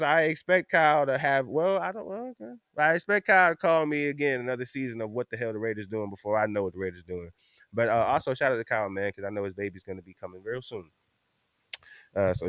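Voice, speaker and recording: Man, podcast host, casual chat, animated profane rant, dry close sound. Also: lowish voice, quick pace, no room sound.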